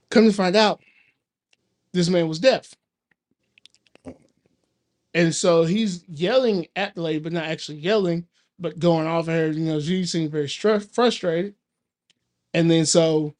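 A man, co-hosting a podcast and telling a story in casual chat, acting out the people in it. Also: sits high. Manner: animated storyteller, acts out quoted voices. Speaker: podcast co-host.

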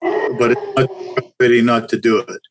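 A man's voice: mid-range voice, fairly even intonation, normal speed, slight background noise, rough recording. An older man, a chiropractor guest, talking candidly and reflectively in a casual interview, often restarting his sentences. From Canada.

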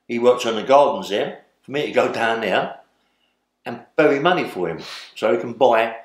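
A man's voice: mid-range voice, expressive, normal speed, echoey room. An older man, telling stories in a rambling way as an interview guest and tagging lines with "yeah?". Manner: rambling, tag questions like "yeah?". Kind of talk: storytelling in a sit-down interview.

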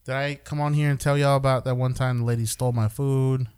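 A man's voice: mid-range voice, steady tone, fast talker, darkish tone, clear, resonant tone. A man telling a rambling, profane story in casual chat with friends, often laughing. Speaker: podcast regular telling a story.

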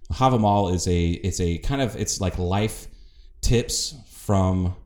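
A man's voice: low-pitched, slow, darkish tone. A man from the northern United States co-hosting a podcast in casual chat, rambling through tangents and swearing freely. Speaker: podcast co-host. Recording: roomy echo.

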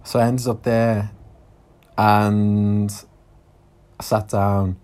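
A man's voice: lowish voice, little pitch movement, drawn-out words, darkish tone, clean tone. A man with a Scouse accent telling a story on his podcast in a chatty way, laughing often and swearing casually. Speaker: podcast host.

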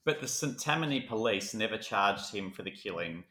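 A man's voice: on the low side, animated, normal speed, bright, forceful tone, reverberant. A man co-hosting a casual true crime podcast, reading case notes and riffing with jokes. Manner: jokey, reads case notes then riffs. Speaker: podcast co-host.

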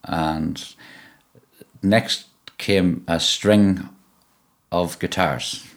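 A middle-aged man from Donegal talks with a broad local Irish accent and a very deep, low voice. He tells his stories in a relaxed, meandering way, stumbling over and repeating his words as he goes. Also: drawn-out words. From Ireland (Donegal). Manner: relaxed storytelling, frequent repeated words and restarts. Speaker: musician guest. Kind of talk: conversational interview.

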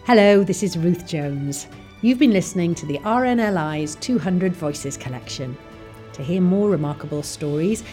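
A woman reading a podcast outro in a calm, clear manner. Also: on the low side. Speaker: podcast presenter. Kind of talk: scripted outro. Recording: soft music underneath.

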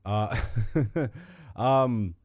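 A man's voice: medium pitch, lively intonation, extremely slow, dry recording, clean studio sound. A man in his thirties hosting a podcast, chatting casually and loosely while gaming, self-mocking and laughing often. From Canada. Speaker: podcast host. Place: home room with a gaming setup.

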